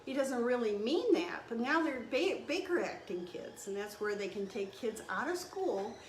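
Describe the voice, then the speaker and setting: A woman's voice: a little high, big pitch swings, moderate pace. A woman in her sixties, a registered nurse, speaking earnestly and emotionally to camera, rising into indignant outbursts. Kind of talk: impassioned monologue to camera. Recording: echoey room with faint background hum.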